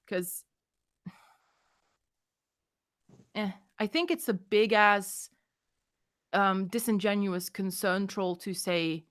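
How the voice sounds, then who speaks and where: A woman talks through a relaxed livestream, a little tipsy. She stops and restarts often, full of "um" and "like", then says her point bluntly, swearing now and then. Her voice sits at an ordinary middle pitch. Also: slow pace, pauses often. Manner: hesitant, many fillers and restarts, blunt and sweary. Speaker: host. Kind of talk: casual livestream chat.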